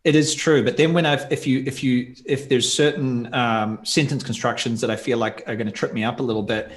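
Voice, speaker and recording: A man's voice: mid-range voice, fairly even intonation, fairly quick. A man talking in a casual podcast interview as a guest, thoughtful and rambling with many asides.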